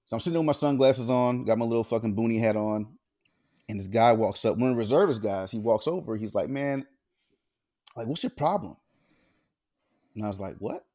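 A man's voice: lowish voice, fast, mellow. A man co-hosting a podcast, telling stories in a laid-back, profane casual way. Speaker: podcast co-host. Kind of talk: casual chat, storytelling.

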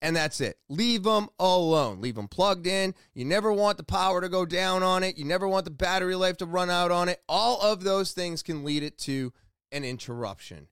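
A man's voice: high-pitched, moderate pace, fairly bright tone, clear, resonant tone, no echo, studio quality. A man telling a rambling, exasperated story about a bad day at his shop, owning up to his own mistakes. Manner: exasperated, rambling, self-deprecating. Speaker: shop worker. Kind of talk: casual storytelling vlog.

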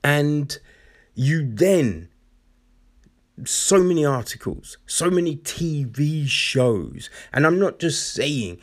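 A man talks slowly through his opinions, his pitch rising and falling in lively swings. He sounds blunt and exasperated, swears freely and keeps checking in with "right?". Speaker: commentator. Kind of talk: casual opinion commentary.

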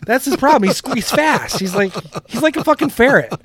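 A man's voice: extremely high pitch, expressive, fairly quick, fairly bright tone. A man co-hosting a casual podcast who rambles through loose anecdotes and laughs often. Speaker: podcast co-host.

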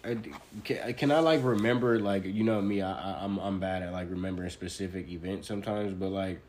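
A man's voice: deep voice, fairly even intonation, brisk, a little mellow, slight background noise. A man co-hosting a casual chat, laid-back and slangy, with lots of fillers. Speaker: podcast co-host.

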